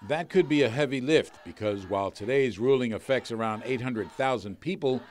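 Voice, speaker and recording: A man reporting a broadcast news story in a measured, slightly wry delivery. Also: medium pitch, darkish tone.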